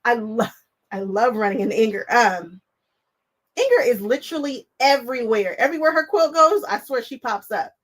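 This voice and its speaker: A woman's voice: fairly high pitch, expressive, normal speed, poor audio. Woman, casual livestream chat, talkative, laughs often, sewing machine behind. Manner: chatty, talks to viewers, laughs often. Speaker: livestream crafting host.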